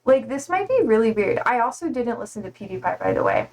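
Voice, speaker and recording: A woman's voice: on the high side, sing-song, quick pace, darkish tone. A woman streamer chatting casually and reading chat, rambling and laughing at herself. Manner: rambling, laughing, self-deprecating.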